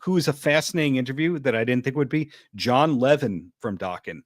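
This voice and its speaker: A man's voice: mid-range voice, expressive, a little fast, dry recording, clean studio sound. A man talking in a casual podcast conversation, wry and giving frank advice. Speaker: podcast guest, interviewer. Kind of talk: casual chat.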